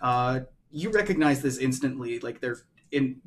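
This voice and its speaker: A man's voice: mid-range voice, animated, moderate pace. A man narrating as game master, rambling and loose with many fillers.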